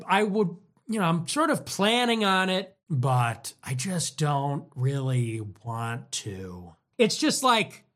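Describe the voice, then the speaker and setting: This young male podcast host has a high, slightly bright voice. He rambles casually about his life with profanity and irony, doing mock voices whenever he quotes people.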